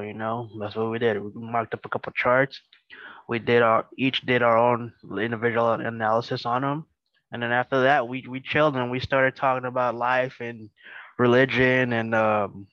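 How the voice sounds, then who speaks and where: A man's voice: mid-range voice, clear, resonant tone, no room sound, muffled recording. Laid-back man hosting a podcast. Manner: laid-back, stuttery, lots of fillers. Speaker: podcast host. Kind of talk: casual chat. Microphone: video call.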